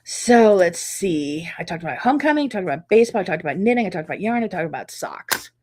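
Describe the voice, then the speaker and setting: A middle-aged woman hosting a casual live chat, reading viewer comments and reacting warmly and chattily. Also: lowish voice, very animated, fast talker, background noise. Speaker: quilting channel host.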